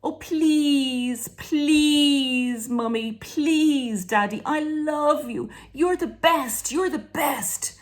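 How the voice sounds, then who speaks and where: Whiny small child, high squeaky pleading, repeats every plea, as a woman puts it on. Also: extremely slow, hardly any pauses. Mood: wheedling. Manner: pleading, repetitive whining. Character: whiny little child begging for a toy.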